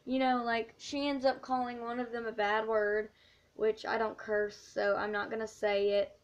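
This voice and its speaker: A woman's voice: on the high side, little pitch movement, normal speed. A teenage woman telling an earnest, rambling story in a casual vlog, with many fillers. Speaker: vlogger. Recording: dull lo-fi recording.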